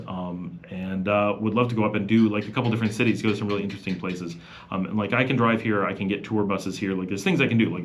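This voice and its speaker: A man's voice: mid-range voice, a bit bright. A middle-aged man chatting casually on a live Q&A stream, rambling with many fillers and restarts. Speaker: vlogger hosting a live Q&A.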